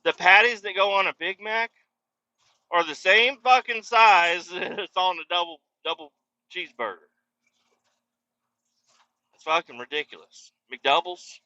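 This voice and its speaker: A man's voice: sits high, measured pace, long pauses, bright, forceful tone, dry recording. A man hosting a podcast, telling a rambling, profane story in a casual comedic rant. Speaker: podcast host. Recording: dull lo-fi dry recording.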